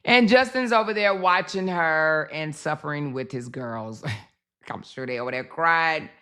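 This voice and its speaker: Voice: medium pitch, unhurried, sharp tone, smooth. A host commenting casually on a livestream clip, chatting straight to the audience.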